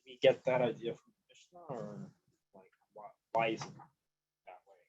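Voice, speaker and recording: Mellow man asking halting questions. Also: fairly low pitch, steady tone. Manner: asks halting follow-up questions. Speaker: study-group participant. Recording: dull, distant recording with faint hiss.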